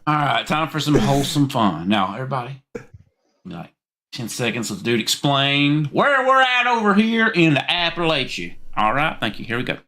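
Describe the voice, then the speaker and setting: A man's voice: mid-range voice, sing-song, normal speed, bright, forceful tone. A man with a Southern accent hosting a live call-in stream, joking around rowdily and swearing freely. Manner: rowdy, profane and joking. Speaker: livestream call-in show host. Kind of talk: casual live stream chat.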